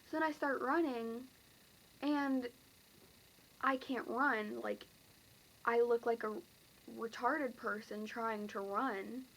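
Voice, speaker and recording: A woman's voice: on the high side, slow, long pauses, a bit bright, a little hiss or hum, poor audio. A teenage girl casually recounting a dream to camera, rambling and full of fillers. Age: teens. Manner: rambling, filler-heavy, breathless retelling.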